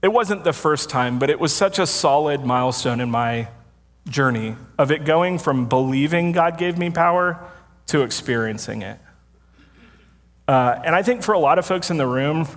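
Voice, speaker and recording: A man's voice: a little high, measured pace, fairly bright tone. Chatty pastor man in a reverberant hall. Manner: conversational, self-deprecating, laughs often. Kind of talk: storytelling sermon. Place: church sanctuary with congregation.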